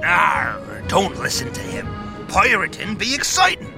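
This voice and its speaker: A man voicing a boisterous male pirate with a British accent, gruff and playful in a children's educational podcast. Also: high-pitched, wildly swooping pitch, unhurried, over music, heavily acted. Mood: bossy. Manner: growly pirate talk, playful and bossy.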